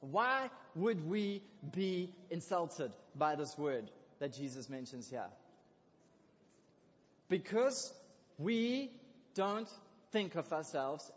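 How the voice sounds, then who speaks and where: A man preaching a sermon in a lively, conversational way, with excited asides. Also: a little high, slightly rough. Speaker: pastor. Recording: dull lo-fi recording in a reverberant hall.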